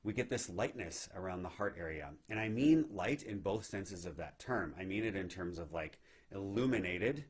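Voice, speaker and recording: A man giving a gentle, reflective spiritual teaching talk on meditation, often checking in with "right?". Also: sits low, expressive, moderate pace, husky. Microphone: live video stream.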